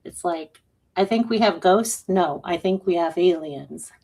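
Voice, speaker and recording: A woman co-hosts a live stream with a loose, joking manner, answering viewer questions. Her voice is husky and a little breathy, sitting on the low side. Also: unhurried, mellow. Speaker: co-host and intuitive reader. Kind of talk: casual live-stream chat.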